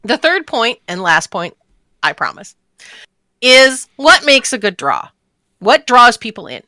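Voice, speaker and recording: A woman's voice: fairly high pitch, sing-song, unhurried, bright, forceful tone, no echo. A middle-aged woman hosting a podcast in casual chat, talking bluntly and forwardly. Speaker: podcast host.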